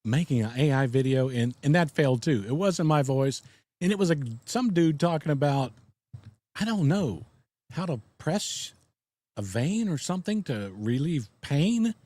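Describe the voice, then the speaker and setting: His voice sits on the high side, warm and animated at normal speed, on a dry recording. A Southern US podcast host, he runs a casual live stream, rambling in a folksy style, frequently chuckling, and reading viewer comments.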